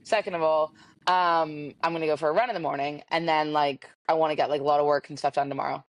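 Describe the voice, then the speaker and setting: A young woman co-hosting a podcast over a video call, telling a dating story in a chatty, animated way. Her voice sits a little low. The sound is dry and close, with no room around it. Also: fast, no room sound. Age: 20s. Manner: chatty, animated, acts out quoted dialogue. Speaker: podcast co-host. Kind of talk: casual storytelling chat.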